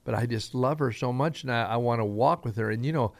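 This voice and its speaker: A man's voice: mid-range voice, fast talker, vocal fry, no room sound. Middle-aged pastor guy w a bit of southern twang, rambly folksy radio sermon, dry close sound. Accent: slight Southern twang. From Southern Idaho.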